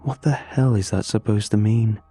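A man narrating a first-person horror story in a measured, uneasy way, with drawn-out pauses. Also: on the low side, fairly even intonation, warm tone, slightly rough, no echo, faint music behind.

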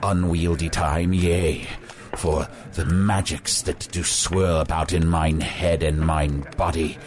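A man's voice: low-pitched, steady tone, slow, a crowd in the background. A man voicing a pompous old male wizard who speaks in archaic, florid phrases. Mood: grandiose.

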